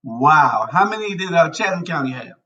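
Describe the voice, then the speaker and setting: A man's voice: fairly high pitch, lively intonation, moderate pace, sharp tone, highs cut off. A man hosting a casual talk show, giving blunt, emphatic opinions. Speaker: show host. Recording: distant from the mic.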